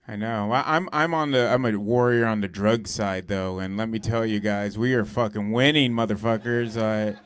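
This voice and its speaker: A young man works a comedy club stage with a slightly low voice, swearing freely and filling his stories with "like" and "dude". He talks loosely and conversationally into a handheld mic. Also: steady tone, moderate pace, hardly any pauses, clear, resonant tone. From Southern California. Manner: profane, conversational storytelling with lots of "like" and "dude". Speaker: stand-up comedian. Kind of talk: stand-up comedy set.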